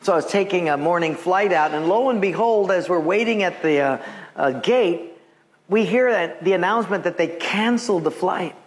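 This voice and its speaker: High-voiced pastor telling stories. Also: male voice, normal speed. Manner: storytelling, acts out quoted voices with big pitch jumps. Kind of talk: sermon.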